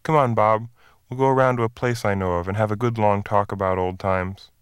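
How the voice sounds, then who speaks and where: A man reading the part of a tall plainclothes officer who speaks in a calm, firm, controlled way. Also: lowish voice, brisk, clean tone, dry recording, studio quality, natural voice.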